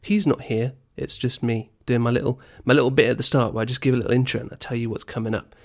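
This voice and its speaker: A man's voice: mid-range voice, fairly even intonation, quick pace, creaky, a little mellow. Guy hosting a podcast, rambly and jokey, cheap mic. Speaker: podcast host. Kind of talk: casual podcast chat. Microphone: poor-quality home microphone.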